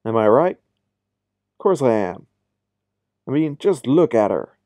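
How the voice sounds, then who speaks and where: A man voicing a pushy, fast-talking male ship salesman with eager sales patter, read aloud over a video game. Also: mid-range voice, sing-song, dark tone, no room sound.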